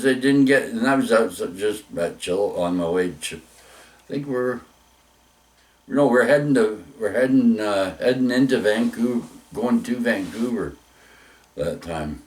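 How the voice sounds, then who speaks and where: A man's voice: on the low side, lively intonation, a little slow, far from the mic. A man telling rambling personal stories, full of restarts, mild swearing and "eh?" tags.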